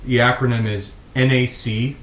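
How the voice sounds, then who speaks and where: A man interviewing, asking hesitant questions with frequent pauses and fillers. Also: medium pitch, little pitch movement, a bit bright, roomy sound, slight background noise. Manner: hesitant, many "uh" fillers and restarts. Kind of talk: casual questioning.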